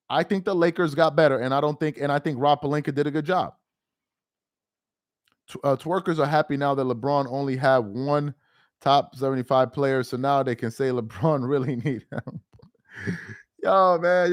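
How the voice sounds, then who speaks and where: A young adult man talking casually on a live stream about basketball. He gets excited and laughs often, repeating himself. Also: on the high side, no room sound, clean studio sound.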